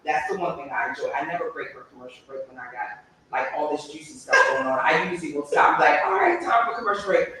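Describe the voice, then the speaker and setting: A woman's voice: rumbling low, fast, fairly bright tone, slight background noise. A woman hosting a live-stream talk show, speaking emphatically and repeating words for stress. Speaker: livestream show host. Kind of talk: casual live-stream conversation. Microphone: remote live-stream setup. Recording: echoey room, voice from far off.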